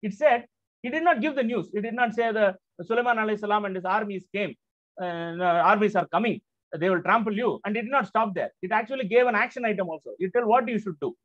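A man's voice: high voice, fast talker, fairly bright tone, no room sound. A man giving a religious lecture as a Quran teacher. He explains step by step, often checking in with "right?" and "okay?", and leans hard on the serious points. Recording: slightly dull, dry lo-fi recording.

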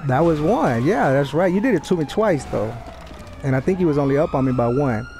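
Young male gamer, cocky taunting trash talk, slightly high voice, headset mic, faint noise behind. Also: lively intonation, fairly quick, dark tone. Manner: taunting, profane, boastful. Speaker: gamer streaming online play. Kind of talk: trash talk over game voice chat.

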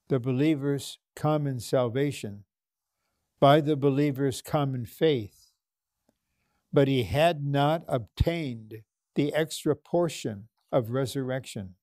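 Man preaching at a conference, slow emphatic delivery, dry close sound. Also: mid-range voice, warm tone, no room sound. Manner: slow, emphatic preaching with repeated phrases and prayers. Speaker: conference speaker. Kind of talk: sermon.

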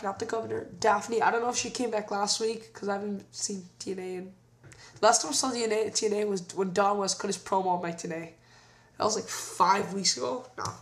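A man's voice: high voice, gravelly. A young man giving an opinionated, ranting review in a casual vlog. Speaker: wrestling show reviewer.

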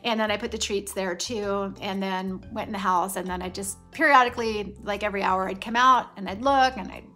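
A woman's voice: medium pitch, fairly even intonation, a little fast, bright, forceful tone. Middle-aged woman rambling thru a story, chatty, little bit of music behind. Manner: chatty and rambling, with restarts and asides. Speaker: nail polish vlogger. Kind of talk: casual storytelling.

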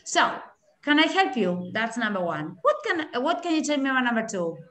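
A woman's voice: high-pitched, sing-song, brisk, a bit bright. A woman teaching an English class online, praising and repeating the students' answers. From Argentina. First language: Spanish. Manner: encouraging, repeats and praises answers, mixes in Spanish.

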